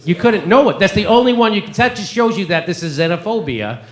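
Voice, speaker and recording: A man's voice: high-pitched, animated, quick pace. A male comedian hosting a live show, ranting sarcastically with lots of swearing at an audience. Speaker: comedian host. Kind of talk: live stand-up commentary. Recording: echoey live room with crowd.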